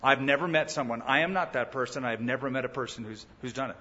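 A male pastor preaching a sermon in a lively way, often acting out the people he quotes. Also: mid-range voice, quick pace, big-room sound, highs cut off. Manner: animated preaching that acts out quoted speakers.

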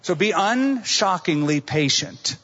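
A man's voice: high voice, lively intonation, takes it slowly, a bit bright. Middle-aged male preacher, storyteller who acts out quotes, muffled lo-fi recording. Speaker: pastor. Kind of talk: sermon.

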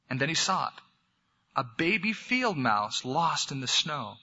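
A man's voice: fairly high pitch, big pitch swings, a little slow, creaky, sharp tone, breathy edge. A man, a pastor, telling a story in a sermon and then leading a prayer. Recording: dull lo-fi recording.

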